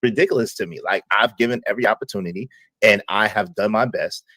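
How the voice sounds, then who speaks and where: A man's voice: fairly low pitch, fast, sharp tone, no room sound. A man hosting a casual live stream, easygoing and reassuring, often starting over mid-sentence. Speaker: stream host.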